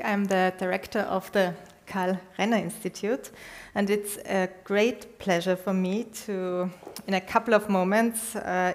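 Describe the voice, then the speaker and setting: A woman, moderating a formal event in a measured, formal way. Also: medium pitch.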